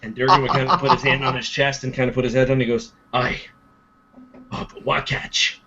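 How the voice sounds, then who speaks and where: A man playing a tabletop role-playing game, switching playfully between his own voice and a gruff dwarf. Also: mid-range voice, flat delivery, racing, very noisy. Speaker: player voicing a dwarf. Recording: dull lo-fi sound.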